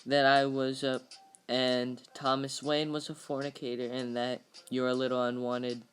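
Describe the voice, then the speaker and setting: A man's voice: medium pitch, level tone, unhurried, a bit bright, soft background music, natural voice. A man voicing a frail, fretful old mother who rambles wistfully, in a parody dub of a film script.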